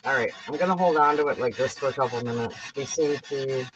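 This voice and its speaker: A woman's voice: rumbling low, a little fast, muffled recording. A Canadian woman hosting a paranormal livestream from home, chatting casually with viewers in the chat. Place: at home, indoors.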